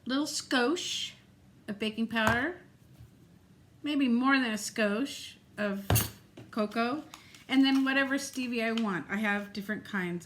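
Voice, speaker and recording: A middle-aged woman chatting casually in a home vlog, animated and quick to laugh. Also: fairly high pitch, slight background noise. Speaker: vlogger. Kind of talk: casual chat.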